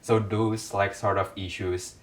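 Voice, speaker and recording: A man's voice: fairly low pitch, flat delivery, a little slow, distant mic, slight background noise. A man talking as a podcast guest in a casual conversation, hesitant, with many fillers and restarts. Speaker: podcast guest, food writer.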